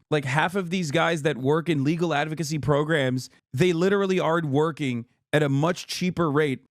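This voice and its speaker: A man streaming casual reaction commentary in a profane, animated rant. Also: on the high side, no room sound, clean studio sound.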